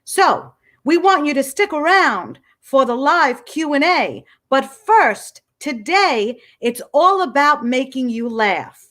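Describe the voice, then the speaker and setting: A woman hosting a program and giving a measured, welcoming scripted introduction. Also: sits high, very animated, a bit bright. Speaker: host.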